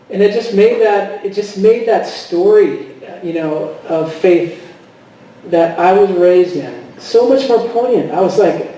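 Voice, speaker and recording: Halting man telling a story in an echoey hall. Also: high-pitched, expressive, dark tone, far from the mic. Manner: halting, with many fillers and restarts, quoting himself. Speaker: guest speaker. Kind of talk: personal testimony talk.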